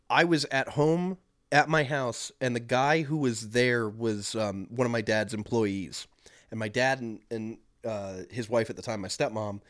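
A man's voice: medium pitch, fairly bright tone, no echo. A man co-hosting a casual podcast, telling stories at his own loose pace. He rambles, doubles back and fills gaps with "um" and "like." The mic is close and dry, with no room sound. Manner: rambling, many fillers and restarts. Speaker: podcast co-host. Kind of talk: casual chat.

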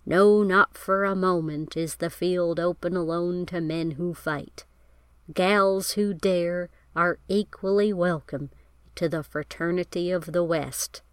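A woman lends her voice to a gallant cowboy picture star of the 1930s. He speaks in an unhurried, folksy drawl, his voice pitched a little low, and the sound is dry and close. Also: smooth, no echo. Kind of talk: reading a magazine quote in a put-on voice.

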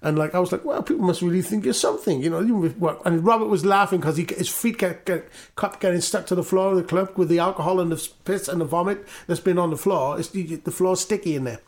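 A man's voice: high voice, quick pace, few pauses. A Welsh man from Newport, a guest musician telling rambling stories in casual chat, swearing and acting out the voices of the people he quotes. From Newport, Wales.

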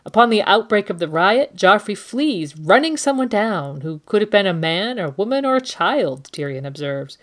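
A woman's voice: mid-range voice, big pitch swings, normal speed, few pauses. A woman co-hosting a book and TV discussion, giving critical, analytical commentary. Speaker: co-host.

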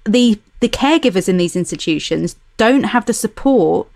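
A woman hosting a casual podcast talk, earnest and reflective. Her voice sits at a middling pitch. It is recorded close and dry, with no room sound. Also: expressive, moderate pace, gravelly, a little mellow, no echo. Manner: reflective, earnest, asks guests questions. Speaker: podcast host. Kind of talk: casual conversation.

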